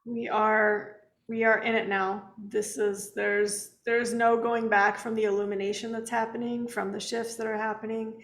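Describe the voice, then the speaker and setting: A woman co-hosting a casual spiritual livestream from home, earnest and gentle with soft laughs, sounding tired. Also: on the high side, level tone, normal speed, few pauses, roomy sound. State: tired, yawning. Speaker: co-host.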